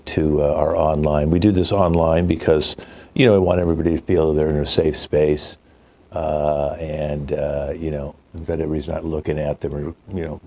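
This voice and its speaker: A man's voice: extremely low pitch, mellow. An older man hosting a live online improv show, joking with dry asides and rambling a little. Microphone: video call mic.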